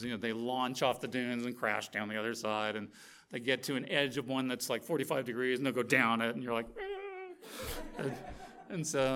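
A middle-aged man preaching a sermon, telling a story with lively, animated energy and acting out the quotes. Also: medium pitch.

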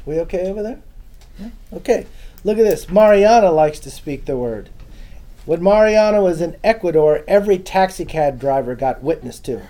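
A man teaches from the Bible to a small gathering in a loose, conversational way. His voice is mellow and dark, and he keeps turning to the listeners with questions. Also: a little high, lively intonation, moderate pace. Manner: casual, chatty, asks the audience questions. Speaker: preacher. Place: room with a small live audience.

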